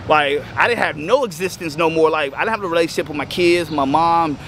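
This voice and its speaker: Choked-up man in his thirties, outdoors. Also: on the high side. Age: 30s. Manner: halting, choked up, breaks off with restarts. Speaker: skateboarder sharing his recovery story. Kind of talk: emotional personal testimony. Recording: outdoor street noise with passing cars.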